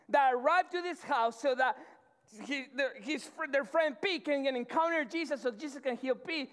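A man preaches from the stage of a church auditorium, his voice sitting high for a man. He keeps it loose and slangy, stumbling through restarts and checking in with the room, while a long reverb trails every phrase. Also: normal speed, fairly bright tone. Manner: conversational and slangy, with many restarts and repeated "right?". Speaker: pastor. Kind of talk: casual sermon to college students. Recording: long reverb of a large hall.

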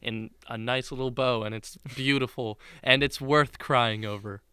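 A man's voice: mid-range voice, fairly even intonation, a little slow, bright, forceful tone, clean tone, no echo, studio quality. A young man in casual chat, retelling a film in a rambling way full of fillers and restarts.

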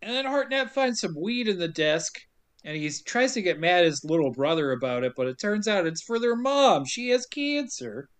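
A man's voice: high-pitched, sing-song, moderate pace, smooth. A man hosting a casual podcast, recapping a film with sarcastic, profane jokes. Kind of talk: casual chat.

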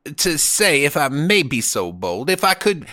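A man playing a pompous old-time Southern gentleman with a put-on Southern drawl, flowery and stammering in an improvised comedy bit. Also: on the high side, very animated, measured pace, no echo, studio quality, heavily acted. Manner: flowery, stammering, overly formal.

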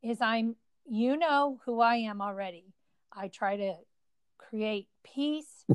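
A woman gently and thoughtfully sharing a sad family memory in casual conversation. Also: a little high, smooth, dry recording. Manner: gentle, slow, thoughtful recollection.

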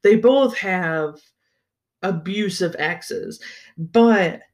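Solo book podcaster: unhurried delivery, mid-range voice, excitable and foul-mouthed, trips over words and restarts. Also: mid-range voice. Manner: enthusiastic, swears freely, stumbles and restarts. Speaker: podcast host reviewing a book series. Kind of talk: casual solo book-review chat.

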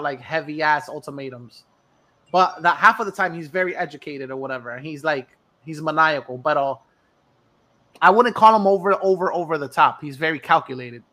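A man talks in a loose, animated way, cursing freely and laughing often. His voice sits high and sounds bright and forceful. It is casual chat among friends.

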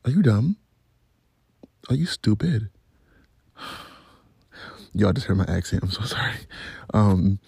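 A low, gravelly male voice tells a story in a loose, profane, rambling style. The tone is dark and very husky, and it sounds dry and close with no room echo. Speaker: vlogger. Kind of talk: casual storytelling.

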